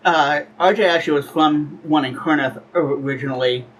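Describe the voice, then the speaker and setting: A man introducing his character in a tabletop game, hesitant and full of pauses and fillers. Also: fairly high pitch, rough recording.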